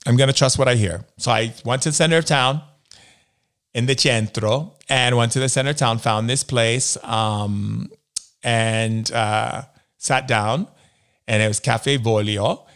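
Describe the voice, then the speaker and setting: A man's voice: medium pitch, measured pace, fairly bright tone, clear, resonant tone. A man from the United States, a spiritual healer as interview guest, telling stories and acting out the voices he quotes. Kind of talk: storytelling in a conversation.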